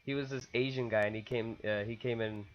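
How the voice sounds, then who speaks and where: A man's voice: medium pitch, steady tone, a little fast. A young man co-hosting a podcast in casual, chatty talk who laughs often. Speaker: podcast co-host. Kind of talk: casual chat. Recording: dull lo-fi sound.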